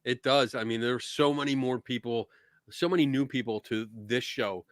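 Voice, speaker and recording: A middle-aged man with a Philadelphia accent hosting a casual chat, easygoing, laughing often and filling pauses with ums. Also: mid-range voice, no room sound, studio quality. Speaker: podcast host.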